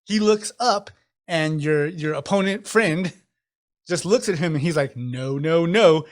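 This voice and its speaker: A man running a tabletop game with a high voice, animated and quick to laugh. He tells the fight blow by blow, often repeating words as he goes. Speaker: game master.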